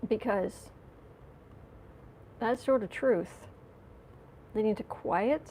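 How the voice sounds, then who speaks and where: A woman's voice: on the high side, extremely slow, darkish tone, slight background noise. A woman giving a casual tarot reading, chatty and giggly, talking to viewers and to herself. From United States. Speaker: tarot reader.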